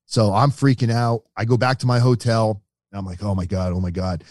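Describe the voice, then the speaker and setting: Man, middle-aged, animated storyteller, dry close sound. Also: on the low side, a little fast, no room sound. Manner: animated storyteller, acts out quoted voices. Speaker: podcast guest. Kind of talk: storytelling in an interview.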